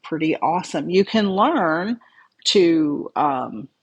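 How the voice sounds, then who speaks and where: Husky-voiced medium, mid-pitched, relaxed advice chat with viewers. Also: takes it slowly, dull audio. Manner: calm, conversational, reads out viewer comments and replies. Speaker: spiritual medium answering viewer comments. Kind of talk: casual livestream advice chat.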